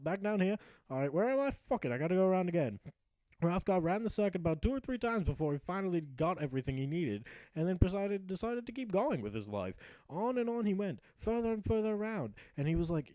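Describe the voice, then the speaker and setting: Young male gamer spinning a profane mock-epic tale over his play; mellow voice, swooping lively delivery. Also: fairly high pitch, no room sound, rough recording. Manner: profane, sarcastic storyteller voicing his character. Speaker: gameplay commentator. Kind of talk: mock-epic narration of gameplay.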